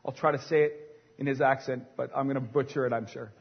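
A man in his forties preaching a sermon as pastor, with a dynamic delivery that swings from hushed to loud. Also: mid-range voice, fairly even intonation, a little fast, creaky, breathy edge. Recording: long hall reverb, dull sound.

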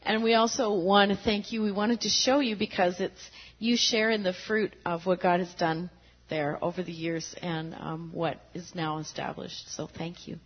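Low-voiced missionary woman. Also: fairly even intonation. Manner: thoughtful, measured, some fillers. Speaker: missionary guest. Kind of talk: interview answers. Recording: dull lo-fi sound.

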